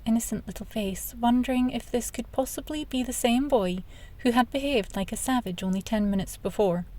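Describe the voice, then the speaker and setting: A woman reads a children's novel aloud in a gentle, measured storyteller's voice. Her pitch sits a little high, and the delivery is steady and clear. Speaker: audiobook narrator. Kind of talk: scripted children's book narration.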